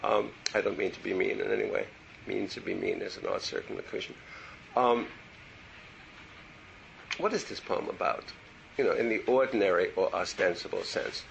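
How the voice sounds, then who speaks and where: A man's voice: sits low, fairly even intonation, a little fast, vocal fry, slight background noise, poor audio. An older man giving a meandering university lecture on poetry, full of digressions and asides. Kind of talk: classroom lecture. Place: lecture room.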